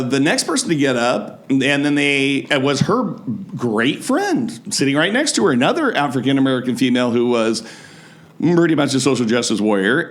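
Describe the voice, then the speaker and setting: A man guest on a podcast telling a comic story, animated and often laughing. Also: medium pitch. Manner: animated, laughing, acts out voices.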